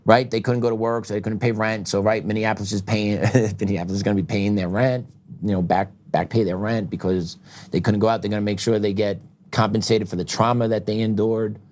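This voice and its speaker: A middle-aged man hosting a political talk show, ranting heatedly, with loud outbursts that drop into quieter reflection and frequent laughs. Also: fairly low pitch, flat delivery, brisk, a little hiss or hum. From United States.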